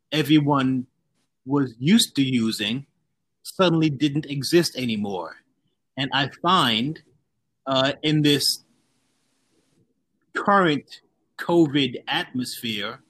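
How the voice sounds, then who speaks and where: A man being interviewed as a guest, speaking in a measured way and drawing out key words for emphasis. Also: mid-range voice, fairly bright tone, dry recording, rough recording. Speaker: guest, drinks brand founder. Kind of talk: conversational interview.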